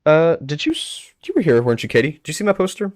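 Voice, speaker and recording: A man's voice: fairly high pitch, huge pitch swings, fast, dry recording, clean studio sound. A man streaming live, chatting with his viewers and reading aloud as he goes. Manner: chatty, reads aloud, talks to chat.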